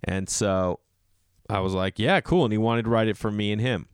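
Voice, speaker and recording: Smooth-voiced man telling a casual story. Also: fairly low pitch, normal speed, no echo, clean studio sound. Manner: animated, acts out quoted voices, lots of "like".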